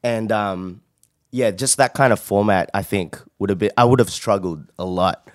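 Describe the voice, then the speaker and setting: A man co-hosting a podcast in casual chat, excitable and quick to swear, calling in remotely. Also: fairly low pitch, dry recording, studio quality. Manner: excitable, swears casually, quotes his own panic. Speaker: podcast co-host. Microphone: remote call.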